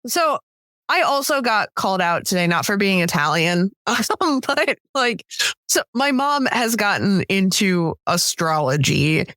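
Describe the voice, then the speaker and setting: Lively, giggly woman co-host. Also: medium pitch, measured pace, dry recording, studio quality. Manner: teasing, giggly storyteller. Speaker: podcast co-host. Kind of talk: casual chat.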